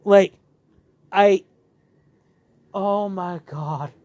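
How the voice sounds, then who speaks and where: A young man chatting excitedly while reviewing a show, animated and full of fillers. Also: high-pitched, very slow, no echo. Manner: excitable, animated, many fillers and re-enacted quotes. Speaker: channel host reviewing a show. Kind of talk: casual review chat.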